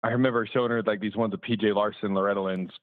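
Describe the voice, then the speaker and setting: A man's voice: lowish voice, fairly even intonation, rapid-fire, no echo, phone-quality sound. A man from the American South chatting casually on a podcast, with many fillers and restarts as he rambles through stories. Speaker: remote guest, motocross videographer.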